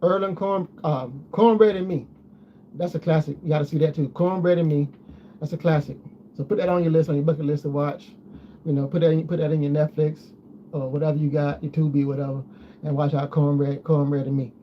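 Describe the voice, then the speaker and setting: A man's voice: fairly high pitch, flat delivery, quick pace. A man chatting casually to his viewers, rambling and repeating himself as he goes. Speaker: vlogger. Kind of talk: casual chat. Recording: dull lo-fi sound with faint noise.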